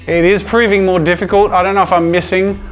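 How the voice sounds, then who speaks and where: An adult male art YouTuber hosts a comedic art challenge vlog, making playful, self-mocking asides to viewers and sometimes shouting with excitement. His voice is high-pitched and quick, he's physically tired from drawing with a long pole, and faint music plays behind him.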